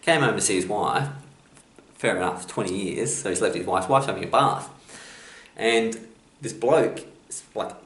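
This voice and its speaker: A man's voice: on the low side, animated, unhurried, long pauses, a bit bright. A man telling motivational stories on his vlog, in a rambling, jokey way with many restarts. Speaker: motivational vlogger. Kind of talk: casual motivational storytelling. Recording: echoey room, distant mic, faint hiss.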